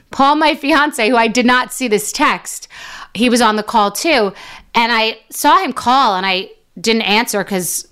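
A woman's voice: fairly high pitch, a bit bright, smooth. Rambling, profane middle-aged woman. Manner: rambling, profane, self-mocking storytelling. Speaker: business owner telling a story. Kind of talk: casual monologue.

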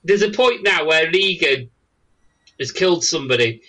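A man's voice: fairly high pitch, expressive, moderate pace, pushed and bright, poor audio. A man hosting a casual podcast over a voice call, telling stories animatedly and laughing often. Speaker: podcast host. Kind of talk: casual chat. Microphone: Skype call.

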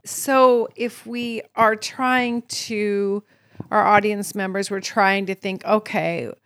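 A woman's voice: medium pitch, steady tone, slow pace, fairly bright tone. A woman hosting a podcast interview, candid and self-questioning as she talks with her guest. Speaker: podcast host.

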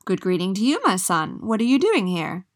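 A woman's voice: medium pitch, big pitch swings, normal speed, close to an everyday voice. A woman voicing a stern old mountain witch in a storybook reading, commanding and matter-of-fact.

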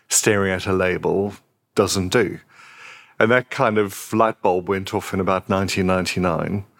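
A man's voice: low-pitched, a bit bright. A middle-aged man from South Africa, a company founder interviewed as a guest, telling wry anecdotes and acting out the dialogue. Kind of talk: conversational interview storytelling.

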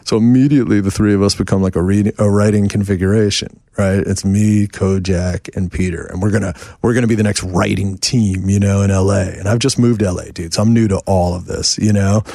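Gravelly low-voiced man telling stories. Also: a little fast, few pauses, no room sound, clean studio sound. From New York. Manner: animated, rambling, many fillers. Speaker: guest songwriter. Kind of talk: anecdotal storytelling. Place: house.

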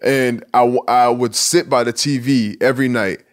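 A man's voice: mid-range voice, steady tone, normal speed. A man in his twenties from Nigeria, a basketball player speaking candidly and reflectively in a casual interview, with casual swearing. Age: 20s.

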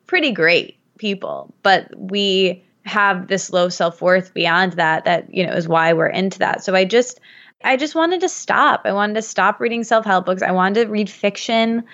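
A woman's voice: mid-range voice, a bit bright, dull audio. A woman in her thirties from Michigan, telling a story as a guest in a casual podcast conversation, chatty and full of fillers. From Michigan, USA.

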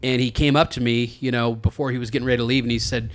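A man on a radio show, telling long stories in a relaxed, rambling way and laughing often. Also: mid-range voice, fast, few pauses. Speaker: radio host. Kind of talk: casual chat.

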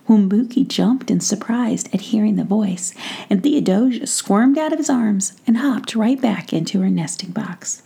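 A woman tells a whispered bedtime story in a slow, soft hush. Her voice is mellow and dark, with a gravelly, breathy edge. The delivery stays gentle and unhurried. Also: a little high, lively intonation.

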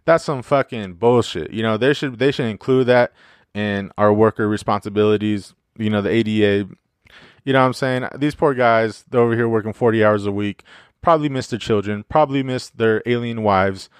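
Male podcast host, solo casual monologue: slightly low, smooth voice, dry close sound, loose and profane delivery. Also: steady tone, brisk, dry recording. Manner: rambling, profane, joking, many fillers.

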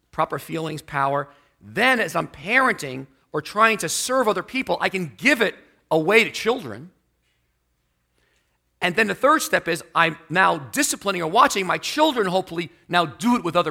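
A man preaching a sermon to his church, animated in delivery and acting out the people in his stories. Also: fairly high pitch. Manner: animated, acts out quoted people in the story. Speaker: pastor.

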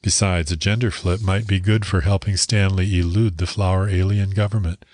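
A man narrating a short story in a calm, measured way. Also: low voice, dry recording. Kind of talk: audiobook narration.

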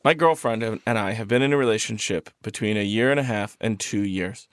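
A man's voice: fairly low pitch, brisk, no echo, studio quality. A man co-hosting a podcast, chatting casually and reading a listener's letter aloud with goofy, joking asides. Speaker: podcast co-host.

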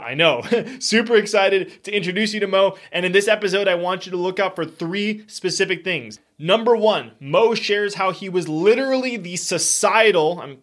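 A young man hosts a podcast in an effusive, emphatic, upbeat way. His voice sits a little high for a man. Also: a bit bright. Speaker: podcast host. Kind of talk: enthusiastic podcast intro and interview.

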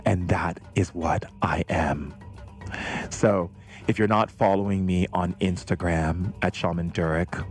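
A man's voice: low voice, fairly even intonation, measured pace, faint music behind. A man hosting a podcast, giving an effusive, affectionate spiritual monologue. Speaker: podcast host.

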